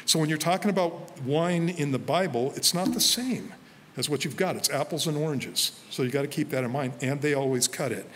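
A man, a pastor, preaching a sermon to a congregation in a relaxed, conversational way, telling stories from his own life and quoting himself. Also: a little high, a little fast, in a large hall, slight background noise. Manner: conversational, storytelling with self-quoted asides. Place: church sanctuary before a congregation.

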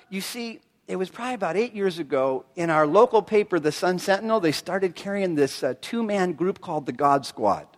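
A middle-aged man preaching a sermon as a pastor, telling stories with animated delivery and acting out the voices of the people he quotes. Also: sits high, brisk, hardly any pauses. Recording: long reverb of a large hall.

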